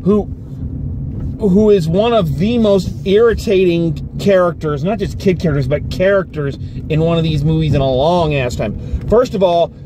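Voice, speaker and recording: A man's voice: a little high, normal speed, noisy background. A man giving a casual spoken movie review from inside a car, ranting with exasperation and swearing freely. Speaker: film reviewer.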